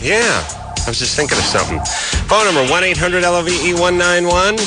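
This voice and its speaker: Rambling, animated male radio co-host. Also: sits high, a little fast, over music. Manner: rambling, joking, self-mocking. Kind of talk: casual radio banter.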